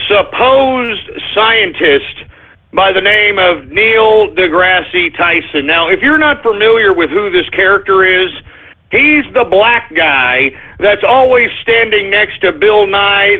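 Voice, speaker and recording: A man hosting a talk radio show, ranting in a combative, sarcastic and repetitive way. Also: high voice. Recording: tinny phone-like lo-fi audio.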